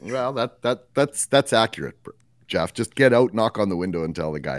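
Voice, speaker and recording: A man on a radio panel grumbling, his voice sinking to a low mutter. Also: expressive, moderate pace, no room sound, studio quality. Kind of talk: casual radio panel chat.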